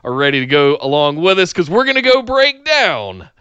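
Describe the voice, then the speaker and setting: A man hosts a casual podcast chat, pitching his plugs in an upbeat tone with a few "uh" fillers. His voice sits high for a man and sounds smooth and clear. The recording is dry, with no room echo. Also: big pitch swings, moderate pace, pushed and bright, dull audio. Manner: upbeat promotional plugs with frequent "uh". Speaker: podcast host.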